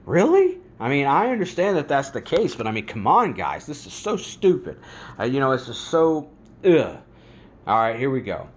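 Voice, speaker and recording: A man's voice: mid-range voice, very animated, moderate pace, a little hiss or hum. A man hosting a religious commentary vlog, talking in an angry, fired-up rant. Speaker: host.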